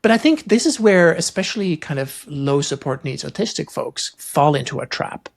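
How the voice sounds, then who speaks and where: A man hosting a podcast interview, chatting casually and thinking aloud with animated quoted asides. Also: a little high, normal speed, gravelly. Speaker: podcast host.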